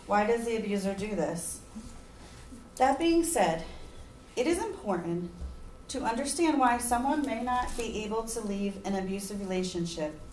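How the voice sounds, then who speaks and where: A woman's voice: medium pitch, a little mellow, a little hiss or hum. A woman giving an earnest persuasive speech, at times emotional. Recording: echoey room, mic far off.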